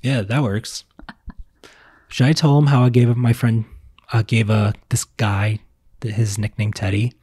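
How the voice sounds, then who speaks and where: A man's voice: fairly low pitch, fairly even intonation, measured pace, long pauses, a little mellow, slightly rough, no room sound. A young man from Virginia chatting casually at home, telling stories in a rambling, self-correcting way. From Virginia, US South. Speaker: vlogger. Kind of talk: casual chat. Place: home, indoors.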